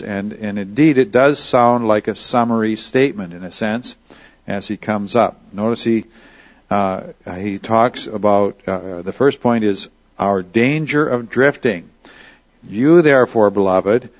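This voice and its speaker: Halting preacher man, dull lo-fi sound. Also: mid-range voice. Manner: halting, frequent uh fillers and restarts. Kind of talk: expository sermon.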